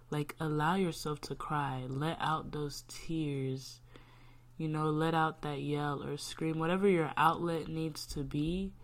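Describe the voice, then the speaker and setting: Low-voiced young woman, candid faith talk. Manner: candid, talks to herself aloud, lots of "like". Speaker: podcast host.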